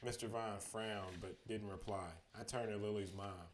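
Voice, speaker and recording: A man reading a children's chapter book aloud as a bedtime story, steady in the telling and livelier on the quoted lines. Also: fairly low pitch, normal speed, background noise.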